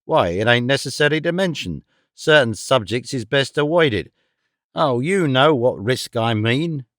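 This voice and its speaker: A man's voice: mid-range voice, expressive, measured pace, a bit bright, no room sound, clean studio sound. A man reading an audiobook, voicing a shifty, fawning schoolmaster who talks in broad rustic grammar, evasive and wheedling. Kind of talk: audiobook character voice.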